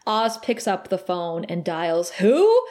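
A woman co-hosting a casual recap podcast, animated and laughing often as she retells scenes. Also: lowish voice, takes it slowly. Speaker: podcast co-host.

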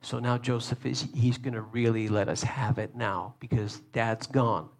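Preacher voicing scared, guilty brothers, low and hushed. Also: male voice, steady tone, normal speed, natural voice. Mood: fearful. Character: frightened guilty brothers fearing revenge.

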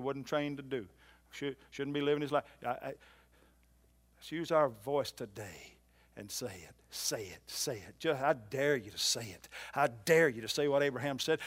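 A man preaching a sermon in a church, swinging from loud emphatic lines to soft low ones and repeating phrases for emphasis. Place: church hall.

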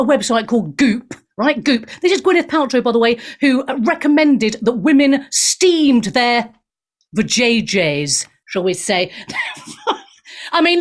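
Brief: female radio host, higher-pitched, mocking and irreverent. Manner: sarcastic, swears, laughs at the news. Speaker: radio talk show host. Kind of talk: irreverent opinionated radio chat.

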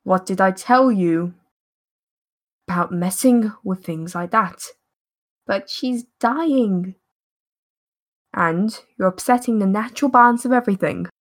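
A woman voicing a stern, booming ancient male divine being who scolds and commands. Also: unhurried, pauses often, natural voice.

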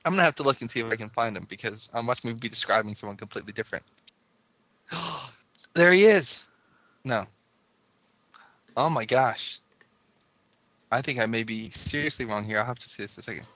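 A man co-hosting a podcast talks very fast in a lowish, bright, forceful voice with no echo. The chat is casual, and he rambles and laughs often.

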